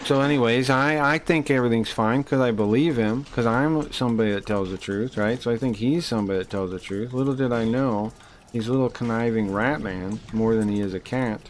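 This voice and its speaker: Guy streamer going off on a rant mid-game, cussing a lot, rambly, normal pitch. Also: fairly quick, a little hiss or hum. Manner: heated, profane, rambling with restarts. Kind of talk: ranting live-stream chat while gaming.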